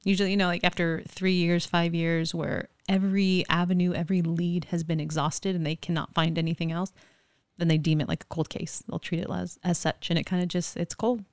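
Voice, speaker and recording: Chatty woman, low voice, dry sound. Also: flat delivery, fairly quick, no echo. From California. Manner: chatty, lots of "like" and quoting. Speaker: guest, forensic investigator. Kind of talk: casual interview storytelling.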